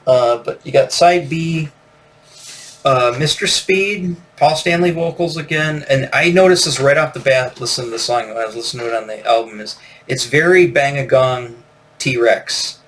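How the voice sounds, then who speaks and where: A man talking loosely about a classic rock record in a relaxed review. He rambles, circles back on himself with fillers, and breaks into laughter often. His voice sits at an ordinary middle pitch for a man. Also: moderate pace. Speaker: album reviewer.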